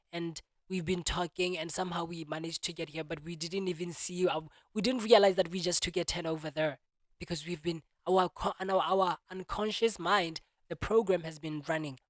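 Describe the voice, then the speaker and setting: A young man talking to camera in a casual monologue, animated, restarting and repeating himself often. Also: high voice, no echo, clean studio sound. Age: young adult. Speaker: vlogger.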